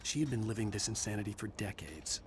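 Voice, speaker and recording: A man as a weary writer narrating his ordeal in a game. His voice is low and brooding, and the delivery stays measured. A clear hiss runs under it. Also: lively intonation, close to an everyday voice.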